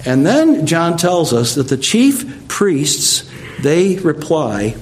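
Male preacher, expository sermon, conversational teaching tone, slightly high pitch. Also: very animated, takes it slowly. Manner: conversational, explanatory, with asides.

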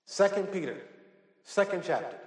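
High-voiced preacher in an echoey church. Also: male voice, animated, a little mellow. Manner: reads scripture slowly and emphatically, rising in pitch; directs the congregation to underline words. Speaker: pastor. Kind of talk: sermon with scripture reading. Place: church sanctuary.

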